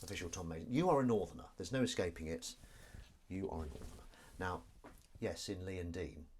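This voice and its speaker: This is a young man from the north of England, casually live streaming from his kitchen at home as he does the washing-up and cracks jokes over viewer comments. His voice is low and darkish, fairly quick, with a bit of background noise.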